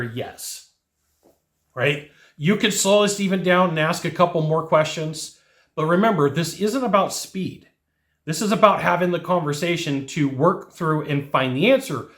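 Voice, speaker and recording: A man's voice: a little high, a bit bright. A man runs a sales lesson in a slightly raised voice, drilling the same points again and again and playing both sides of a customer chat. His voice bounces around a reverberant room. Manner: coaching, repetitive, acts out customer dialogue. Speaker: sales trainer. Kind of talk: instructional talk to camera.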